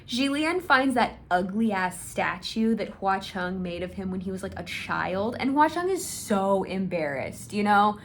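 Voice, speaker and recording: A young woman gushing in a casual fan rant. She is excitable and swears freely. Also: medium pitch, a little slow, hardly any pauses, slight background noise. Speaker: video creator.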